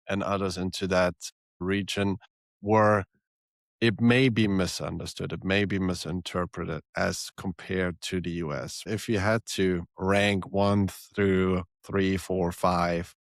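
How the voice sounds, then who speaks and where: A man hosting a podcast interview, asking measured questions and rephrasing them as he goes. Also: sits low, fairly even intonation, no room sound, clean studio sound. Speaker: podcast host.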